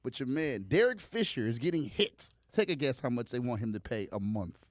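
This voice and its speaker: A lively man on a podcast whose pitch swings up and down as he jokes and confesses in a crude, playful way. He sits close to the mic, and the sound is dry and close. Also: a little fast, no echo. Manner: animated, crude, joking storyteller. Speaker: podcast co-host. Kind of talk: casual chat.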